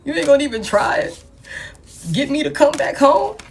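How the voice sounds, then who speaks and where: A woman's voice: high voice, very animated, recorded from a distance, a little hiss or hum, pitched above the performer's own voice. A woman voicing a jilted partner who pleads and fires off incredulous questions. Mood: indignant pleading. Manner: incredulous, rapid-fire questions.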